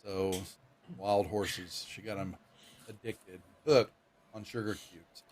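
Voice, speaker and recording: A man's voice: lowish voice, steady tone, slow pace, a little mellow, slight background noise. Game master type, male, easygoing and rambling, pokes fun at himself. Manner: rambling, laid-back, self-deprecating. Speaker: dungeon master.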